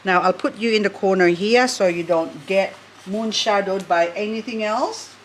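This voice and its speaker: A woman's voice: mid-range voice, moderate pace, slight background noise. A woman vlogging at home, chatty and gushing as she unboxes succulents and talks to her plants. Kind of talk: casual unboxing chat.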